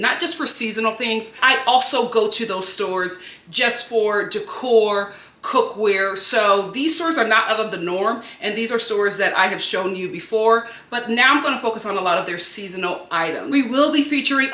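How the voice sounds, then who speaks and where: A woman from Philadelphia chatting to the camera in her home kitchen, excitable and chatty, laughing often. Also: mid-range voice. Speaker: home lifestyle vlogger. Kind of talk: casual chat to camera. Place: home kitchen under studio lights. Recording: echoey room.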